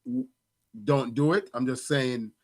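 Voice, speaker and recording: A man's voice: medium pitch, big pitch swings, a little slow, vocal fry, a little mellow. A middle-aged man and father co-hosting a podcast, talking in a reflective, casual way with many restarts and fillers. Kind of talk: casual conversation.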